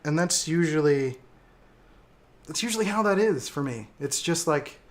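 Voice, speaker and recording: A man with a fairly high voice chats loosely on a livestream and answers viewer comments. He talks in a reflective, open way. He often pauses, restarts and fills gaps with "um" and "you know.". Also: expressive. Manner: reflective, hesitant, many fillers. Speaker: livestream host. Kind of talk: casual livestream chat, reading viewer comments.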